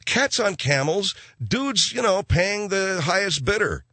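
A man's voice: sits high, big pitch swings, a little slow, pushed and bright, dry recording. A man hosting a talk radio show, riffing in a rambling comic rant full of hip slang.

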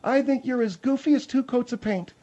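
Man doing a high-pitched prissy old lady, scolding, flustered, dull lo-fi radio, faint music. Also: a little fast, warm tone. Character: prim, fussy older woman radio sidekick.

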